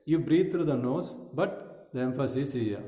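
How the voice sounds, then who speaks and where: A man teaching a breathing technique, explaining slowly and deliberately, repeating phrases and pausing on fillers. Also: mid-range voice, expressive, dark tone. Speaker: yoga teacher. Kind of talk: instructional talk on breathing. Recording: echoey room with long reverb.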